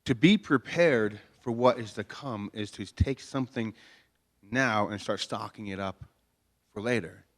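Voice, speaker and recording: A man's voice: on the low side, measured pace. A man preaching a conversational sermon in a chapel, folksy and joking, with many rhetorical questions. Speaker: pastor. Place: chapel before a congregation.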